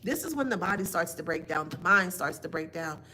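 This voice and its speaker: A woman's voice: lowish voice, lively intonation, brisk, sharp tone, a little hiss or hum. A woman giving a casual spiritual reading to her viewers, blunt and emphatic, with mocking asides.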